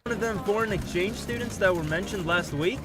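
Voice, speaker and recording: A man's voice: sits high, brisk, lightly acted. A man voicing a brash young male delinquent student in a fan-made anime parody dub, blunt and exclamatory. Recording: music playing underneath. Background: background music.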